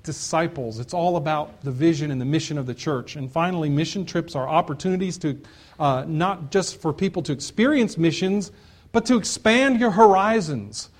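A pastor preaching from the pulpit in a slightly high, clear male voice. He drives each point home with emphatic repetition. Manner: earnest preaching with repeated emphatic phrases. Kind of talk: sermon.

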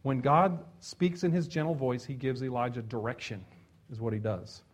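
A pastor preaches a sermon conversationally at medium pitch and normal speed. He moves between loud emphasis and soft, hushed passages, adding chuckles and asides along the way.

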